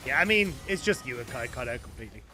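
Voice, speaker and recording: A man's voice: mid-range voice, very animated, fast, bright, forceful tone, soft background music. A young Irish man giving chatty, analytical esports commentary and laughing easily.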